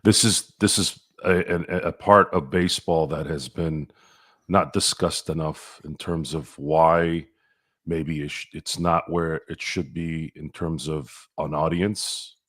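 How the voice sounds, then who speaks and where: A man's voice: extremely low pitch, steady tone, takes it slowly, fairly bright tone. A man co-hosting a sports podcast, talking bluntly and opinionated, sometimes crude. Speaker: podcast co-host. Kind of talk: casual sports chat.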